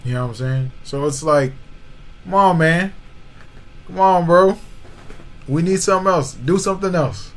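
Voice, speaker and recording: A man's voice: on the high side, normal speed, long pauses, fairly bright tone, soft background music, rough recording. A man co-hosting a podcast, arguing about basketball in casual slang and often saying "you know what I'm saying". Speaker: podcast co-host. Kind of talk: casual sports debate.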